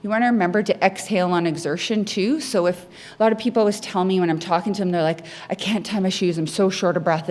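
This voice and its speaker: A woman giving a health education talk on breathing techniques, lively and acting out patients' words in her stories. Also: mid-range voice, fast, few pauses. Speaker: pulmonary rehabilitation educator.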